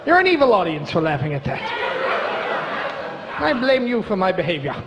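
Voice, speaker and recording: Male stand-up comic, high voice, sarcastic and chatty, reverberant club, audible crowd noise. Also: sing-song, moderate pace. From Brooklyn, USA. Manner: sarcastic, chatty, teasing the audience. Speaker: stand-up comedian. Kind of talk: stand-up comedy set. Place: comedy club stage.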